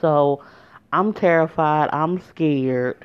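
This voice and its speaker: A woman's voice: deep voice, slow pace, smooth. Woman telling a story on a muffled lo-fi recording. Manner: emotional, conversational, addresses viewers directly. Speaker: storyteller vlogger. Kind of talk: casual storytime narration. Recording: dull lo-fi recording.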